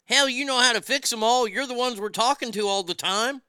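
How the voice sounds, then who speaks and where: A man's voice: very high-pitched, fairly quick, pushed and bright, clean tone, dry recording, studio quality. Profane man telling stories. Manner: profane, blunt, drawling storyteller. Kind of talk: casual comedic storytelling.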